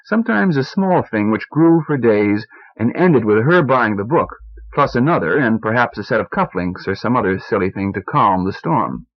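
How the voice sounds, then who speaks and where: A man narrating a short story as an audiobook reader, measured and even, on a muffled old cassette recording. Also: medium pitch.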